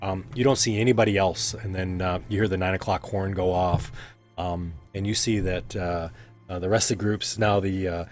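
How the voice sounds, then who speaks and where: A man narrating a tabletop game as game master, rambling with many pauses and restarts. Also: deep voice, fairly even intonation, soft background music.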